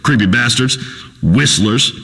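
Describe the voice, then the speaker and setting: Loudmouth redneck radio host, bright lively voice, pompous and crude. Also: male voice, mid-range voice, measured pace, slightly rough, big-room sound, full character voice. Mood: ranting. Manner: pompous, blustering, folksy grammar. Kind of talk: comedic radio talk show acting.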